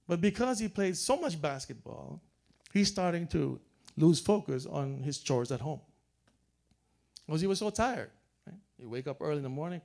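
A man's voice: mid-range voice, creaky, mellow. A man preaching a sermon as a pastor, telling family stories in a joking, chuckling way. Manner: joking storyteller, chuckles often.

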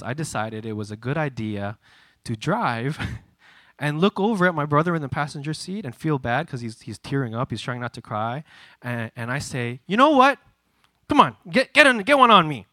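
Young man, preacher, lively storytelling, bright tone, dry close sound. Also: mid-range voice, normal speed, dry recording. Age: 20s. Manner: animated, chatty storyteller. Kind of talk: sermon storytelling.

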